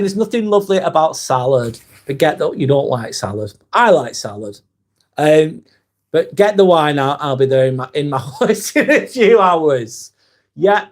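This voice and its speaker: A man's voice: medium pitch, darkish tone. A man hosting a live stream, reading viewers' chat aloud and answering in a blunt, casual way with plenty of swearing. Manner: blunt, swears freely, reads comments aloud and answers them.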